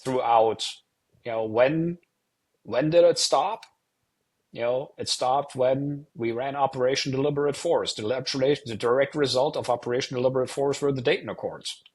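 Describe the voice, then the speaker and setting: A man's voice: medium pitch, normal speed, breathy edge. A middle-aged man from Germany, a guest on an interview show, telling stories in a rambling way full of "you know" fillers. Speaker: guest, retired air force officer and wargamer. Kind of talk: casual interview storytelling.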